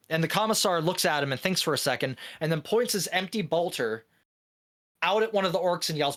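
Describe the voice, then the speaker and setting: Animated, higher-voiced man telling a story. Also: a little fast. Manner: animated storytelling, swears freely, laughs often. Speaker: podcast co-host. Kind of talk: casual podcast chat.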